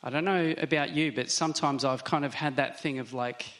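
A man giving a sermon, talking it through conversationally and slowing down to stress key words. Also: on the high side, steady tone, fairly bright tone. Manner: conversational, reflective, with slow emphatic stresses. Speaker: pastor.

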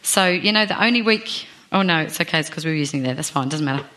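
Aussie lady giving a sermon, a bit low voice, chatty and joking at herself, asks the room stuff. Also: animated, fast, bright, forceful tone. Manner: chatty, self-deprecating, asks the congregation questions. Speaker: preacher. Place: church.

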